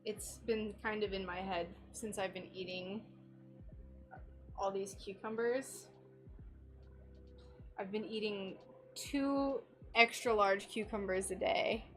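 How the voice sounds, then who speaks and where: A woman's voice: mid-range voice, fairly even intonation, slow, pauses often, fairly bright tone, soft background music. A woman hosting a craft livestream, chatting casually and laughing often as she reads viewer comments. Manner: chatty and giggly, with frequent laughter. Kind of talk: casual chat while working, reading viewer comments. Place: home workshop in Florida.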